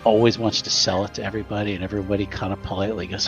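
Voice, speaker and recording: A man narrating as game master of a tabletop game, in a relaxed, halting way. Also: lowish voice, vocal fry, muffled recording, faint music behind.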